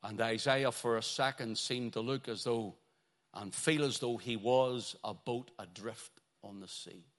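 A man with a mid-range voice preaches a sermon. He swings between loud, drawn-out exclamations and hushed, falling phrases, leaning hard on key words.

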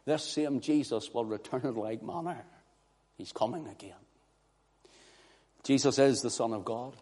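A man preaching a sermon, swinging from hushed, quiet passages to loud, impassioned declarations. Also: mid-range voice, measured pace, long pauses, slightly rough. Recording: long hall reverb.

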